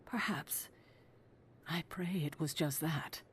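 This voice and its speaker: An actress playing a wise older mentor, speaking thoughtfully and with care for the hero. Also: female voice, low voice, slow pace, a little hiss or hum. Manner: warm-hearted, thoughtful.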